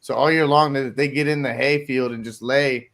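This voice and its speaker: A man's voice: mid-range voice, fairly even intonation, normal speed, a bit bright. A man telling crude hunting stories in a casual chat, swearing freely and laughing often. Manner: crude, profane storyteller who laughs often.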